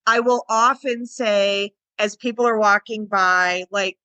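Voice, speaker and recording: A woman dog trainer co-hosting a casual podcast, chatty and lively, acting out little bits of dialogue as she explains. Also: medium pitch, slow, clean tone, no echo. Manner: lively, chatty, acts out little voices and quotes.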